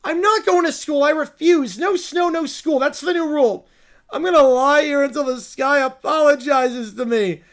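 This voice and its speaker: A man's voice: very high-pitched, animated, moderate pace, creaky, fairly bright tone, heavily acted. A man doing a wailing spoiled kid. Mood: whiny tantrum. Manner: wailing, demanding, petulant. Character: whiny spoiled kids throwing a tantrum.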